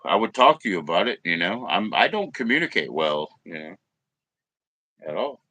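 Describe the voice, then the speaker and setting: A man's voice: low-pitched, big pitch swings, moderate pace, pushed and bright, dry recording. A man chatting loosely on his live stream, rambling and swearing as he talks to his viewers and fights technical trouble. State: coughing at times. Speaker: livestreamer. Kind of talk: casual live stream chat.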